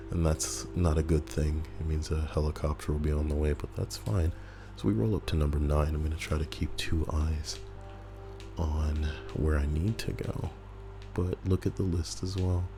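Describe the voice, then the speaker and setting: A man giving casual, crude and rambling gameplay commentary, reading out a list while he plays and cracking jokes. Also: rumbling low. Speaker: gaming YouTuber. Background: faint background music.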